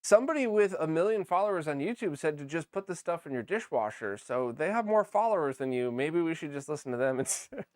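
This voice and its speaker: A man's voice: a little high, expressive, fairly quick, hardly any pauses, no room sound, studio quality. A man hosting a casual chat, easygoing and teasing his guest. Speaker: host.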